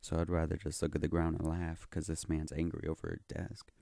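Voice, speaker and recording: A man's voice: rumbling low, monotone, fairly quick, vocal fry, warm tone, no room sound. A young man telling a story in a rambling, profane, slangy way. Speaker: vlogger. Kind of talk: casual storytelling.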